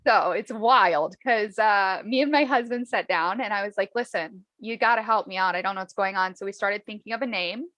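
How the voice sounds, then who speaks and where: A woman chatting casually about her own life, acting out the people in her stories with lively voices. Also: mid-range voice, brisk, hardly any pauses, no echo. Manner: animated, acts out dialogue in lively voices. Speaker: podcast host, guest. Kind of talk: casual storytelling chat.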